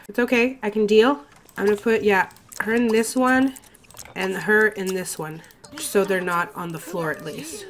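A woman's voice: mid-range voice, measured pace, slight background noise. Congested woman doing casual game commentary. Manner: chatty, exasperated, swears and laughs often. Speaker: let's play host.

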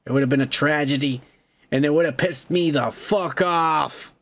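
A male comedy podcast host tears into the news in a profane, indignant rant. His voice sits a little high with a gravelly, fried edge, and he swears in nearly every line. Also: normal speed. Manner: loud, indignant, swears constantly.

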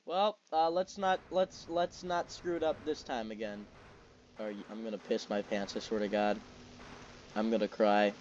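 A young man giving excitable, profane commentary while playing a video game, talking to the enemies on screen. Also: lowish voice, normal speed, highs cut off, a little hiss or hum. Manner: excitable, swears often, talks to the game. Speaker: gaming video creator. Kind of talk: gameplay commentary.

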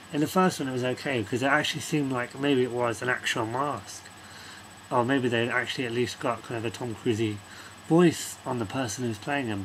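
A man rants through a film review in a loose, rambling way, swearing freely as his exasperation builds. His voice sits at a mid pitch, and faint background noise runs beneath him. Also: low-quality recording. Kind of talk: casual rant-style film review.

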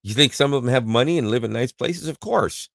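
A man's voice: medium pitch, animated, brisk, creaky, a bit bright, dry recording, clean studio sound. A Canadian man co-hosting a podcast, chatting casually and joking, with laughs and restarts. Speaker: podcast co-host. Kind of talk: casual chat.

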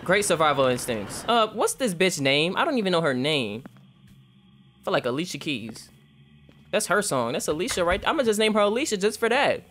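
A man's voice: high voice, big pitch swings, normal speed, fairly bright tone, faint music behind. A young man giving casual, profane, jokey gameplay commentary. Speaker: gaming streamer.

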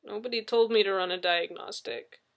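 A woman voicing a sulky artificial intelligence that moans its replies slowly and reluctantly. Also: medium pitch, fairly even intonation, vocal fry, close to an everyday voice. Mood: plaintive. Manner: moaning, slow and reluctant. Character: sulky, sick-feeling ship AI.

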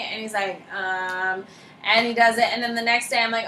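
A woman's voice: on the high side, fairly even intonation, normal speed, pushed and bright. A woman teacher giving a casual, joking classroom lecture and often saying "like". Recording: roomy classroom echo with faint noise.

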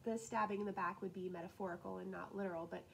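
A woman teacher talking through class assignments in a casual, upbeat way, with frequent laughs and quick asides. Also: mid-range voice, steady tone, vocal fry, slight background noise, poor audio. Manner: chatty and upbeat, laughs often, drops into asides. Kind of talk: casual recorded lesson walkthrough.

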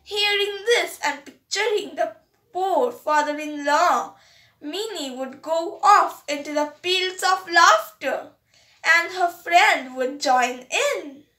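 A woman with an Indian English accent narrates a story as an audiobook reader, going slowly and carefully. Her voice is very high and sharp in tone, and the recording is roomy and echoey.

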